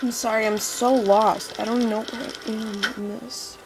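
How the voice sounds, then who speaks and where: A woman's voice: fairly high pitch, level tone, unhurried, background noise. A woman with a stuffy, congested voice giving rambling, apologetic commentary while playing a game, with game music behind her. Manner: rambling, apologetic, lots of fillers. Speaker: let's play gamer.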